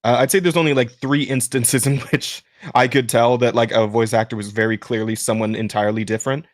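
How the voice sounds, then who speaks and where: A man hosting a podcast in casual chat with a smooth voice. He rambles with many restarts. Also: mid-range voice, steady tone, brisk, no room sound, clean studio sound. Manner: rambling, many restarts and fillers, laughs while talking. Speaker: podcast host.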